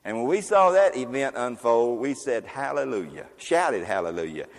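A man preaching a sermon as a pastor, emphatic and fiery, with loud exclamations and quieter asides. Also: mid-range voice, expressive, normal speed, long reverb tail.

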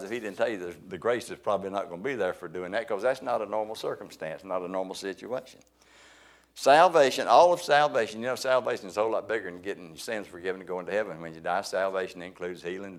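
A man preaching a sermon in a folksy, conversational way, with loud emphasis and quiet asides. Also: on the low side.

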